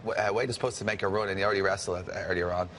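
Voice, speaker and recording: A man's voice: low-pitched, fairly even intonation, very fast, a bit bright, slight background noise. A man telling a wrestling story in casual chat, laughing and rambling along. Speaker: wrestling podcast guest.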